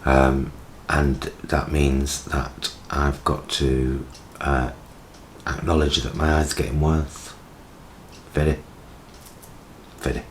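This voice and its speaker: A low-pitched British man in his forties rambles through a relaxed chat to camera, self-mocking and conversational. He talks from his home kitchen into his vlogging camera, with a faint hiss of noise behind him. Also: slow pace, long pauses. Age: 40s.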